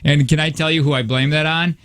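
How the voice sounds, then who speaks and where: A man's voice: fairly high pitch, fairly even intonation, a little fast, fairly bright tone, clean tone. A man hosting a morning radio show, chatting casually, laughing often and acting out other people's lines while telling stories. He says he is tired. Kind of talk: casual banter. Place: radio studio.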